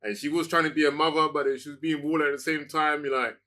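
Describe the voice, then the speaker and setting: A man's voice: a little high, steady tone, fast talker, bright, forceful tone. A man, co-hosting a casual podcast chat in an enthusiastic way, full of "like" fillers. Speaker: podcast co-host.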